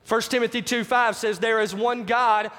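A man's voice: very high-pitched, fairly even intonation, normal speed, fairly bright tone. A man preaching a sermon, emphatic, repeating key phrases and putting questions to the congregation. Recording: long hall reverb.

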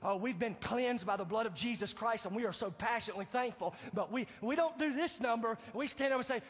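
A male pastor preaching a sermon, swinging from loud to hushed and acting out quoted pleas. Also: fairly quick, few pauses, husky. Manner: acts out quoted pleas in a higher voice. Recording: dull lo-fi sound, long hall reverb.

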